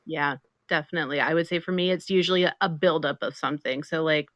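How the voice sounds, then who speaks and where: Woman, middle-aged, guest, low pitch, dry close sound, animated storytelling. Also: fast, dry recording. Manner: animated storytelling, laughs a lot. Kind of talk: casual interview chat.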